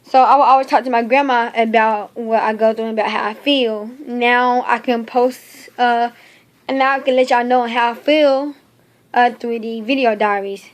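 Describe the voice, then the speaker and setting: A young woman from North Carolina, speaking in a halting, heartfelt personal video diary full of fillers. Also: fairly high pitch, fairly even intonation. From North Carolina, United States. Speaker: video diarist.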